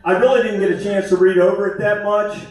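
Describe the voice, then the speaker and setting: A man's voice: sits high, flat delivery, quick pace, darkish tone. A man doing a self-deprecating, conversational stand-up comedy set on a theater stage. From West Virginia. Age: 50s. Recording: echoey theater from far off.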